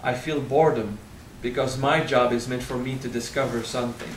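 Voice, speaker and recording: A man's voice: mid-range voice, reverberant, distant mic, a little hiss or hum, rough recording. French-accented man teaching a spiritual seminar. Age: 30s. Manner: frank and animated, swears casually, stresses words slowly. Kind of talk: seminar talk.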